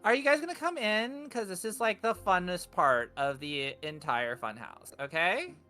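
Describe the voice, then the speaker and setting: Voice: medium pitch, lively intonation, pushed and bright, faint music behind, voice pushed up. Someone putting on a gushing dryad woman. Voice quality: open, melodic voice. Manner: gushing, drawn-out exclamations. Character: bubbly gushing female dryad hostess.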